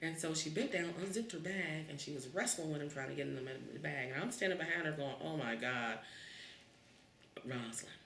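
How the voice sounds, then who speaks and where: Brief: woman in her fifties telling stories, lively, heard in a roomy space on a distant mic. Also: deep voice, fast talker, creaky, hardly any pauses. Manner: animated, acts out the voices in her story. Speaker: interviewee. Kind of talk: oral history storytelling.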